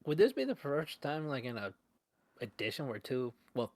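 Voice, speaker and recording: A man's voice: mid-range voice, wildly swooping pitch, moderate pace, no echo. Easygoing rambling podcast co-host man. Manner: easygoing, rambling, hesitant with fillers. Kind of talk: casual hobby podcast chat.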